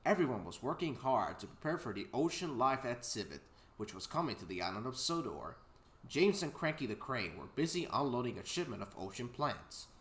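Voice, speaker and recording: Young man, let's play co-host, casual reading, restarts, lively pitch, roomy echo. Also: brisk. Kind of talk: casual read-aloud of a kids' story.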